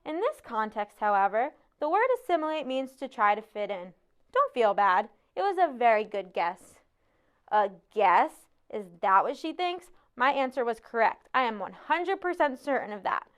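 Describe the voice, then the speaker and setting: A woman reading a novel aloud in a measured first-person narration. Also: fairly high pitch, very animated, smooth. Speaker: audiobook narrator. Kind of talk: scripted narration.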